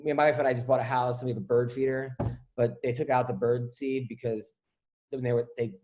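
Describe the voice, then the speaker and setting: A man's voice: medium pitch, level tone, fast talker, noisy background. A man hosting a podcast, chatting casually, joking and rambling, with some swearing. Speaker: podcast host. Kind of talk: casual comedic chat.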